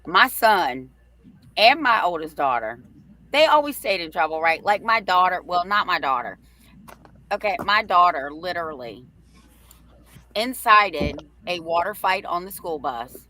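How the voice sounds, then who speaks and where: A middle-aged woman co-hosting a live talk show, telling stories in a brash, profane, animated way and acting out the quotes. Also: lowish voice, unhurried. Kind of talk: casual storytelling chat.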